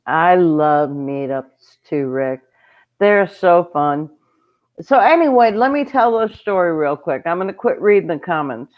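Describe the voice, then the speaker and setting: Slow, chatty homestead woman on a lo-fi stream. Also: fairly low pitch, expressive. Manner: chatty, rambling, greets viewers mid-story. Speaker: homestead channel host. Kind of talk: casual livestream storytelling.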